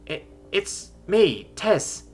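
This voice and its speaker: A man's voice: high-pitched, wildly swooping pitch, racing, fairly bright tone, soft background music, voice pushed up, heavily acted. Man doing a stuttering, nervous alien rookie. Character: nervous young male bird-like alien rookie.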